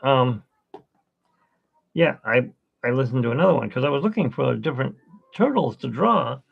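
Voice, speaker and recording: A man's voice: mid-range voice, lively intonation, moderate pace, creaky, husky, narrow, tinny audio. A man hosting an art livestream, chatting in a rambling, easygoing way that often loses its thread. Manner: rambling, chatty, self-interrupting. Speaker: art channel host. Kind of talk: casual livestream chat.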